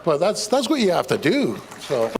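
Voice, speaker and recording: A politician telling an animated anecdote at an event, laughing as he goes. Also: a little high, moderate pace, a little hiss or hum. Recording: echoey hall, heard from a distance.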